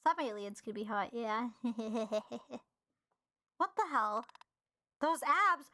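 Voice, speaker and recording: Bright, high-voiced sarcastic woman streamer. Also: animated, takes it slowly, no echo. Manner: sarcastic, exasperated outbursts, swears. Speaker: streamer playing a visual novel. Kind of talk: reading game text aloud and reacting.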